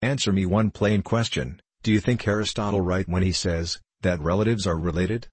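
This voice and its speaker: Storybook squire, brash and scoffing, low husky voice, read by a man. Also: fairly even intonation, normal speed, no room sound. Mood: mocking. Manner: brash, scoffing, swearing oaths. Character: boastful rakish young male squire, mocking.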